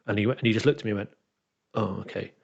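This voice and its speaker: A husky, fairly low male voice with vocal fry, speaking very fast. He's a dungeon master and podcast co-host chatting casually, animatedly acting out what his players said as he tells a game story, on a dull lo-fi recording.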